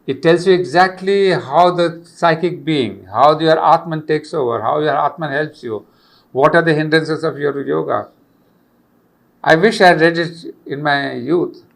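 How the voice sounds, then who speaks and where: A man's voice: fairly high pitch, normal speed, gravelly. An older man, giving an earnest spiritual lecture on yoga and repeating key phrases for emphasis. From India.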